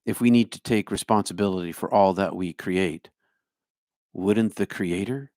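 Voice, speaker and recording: A man's voice: sits low, normal speed, a little mellow, no room sound, clean studio sound. A middle-aged man with a New Jersey accent, a spiritual speaker answering his live chat by name, musing and humming to himself. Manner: musing, talks to viewers by name, hums to himself. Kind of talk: livestream chat reply.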